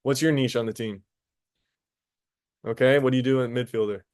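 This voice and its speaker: A man teaching a high school biology class, casual and talkative, stopping to quiz students directly. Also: fairly even intonation, moderate pace, darkish tone, clean tone. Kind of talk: classroom lecture.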